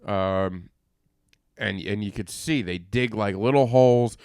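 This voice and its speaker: A man's voice: lowish voice, measured pace, darkish tone, smooth, no echo, studio quality. A man chatting offhand and joking as a podcast co-host. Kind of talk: casual chat.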